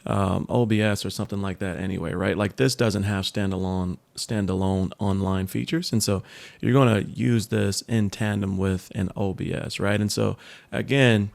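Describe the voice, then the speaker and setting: A man with a lowish, gravelly voice walks through a tech product in a casual review. He talks in a relaxed way, with plenty of ums and little asides. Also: moderate pace.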